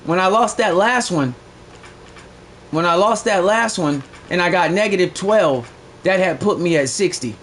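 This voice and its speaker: A man livestreaming a game, chatting casually in a boastful, profane, slangy way that gets loud when excited. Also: sits high, a little slow, a little hiss or hum. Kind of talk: casual live-stream chat.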